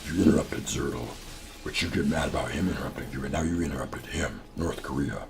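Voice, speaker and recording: A man voicing a laid-back, deadpan man who speaks dryly and matter-of-factly. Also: fast talker. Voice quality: deep, gravelly. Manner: dry, matter-of-fact. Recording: audible background noise.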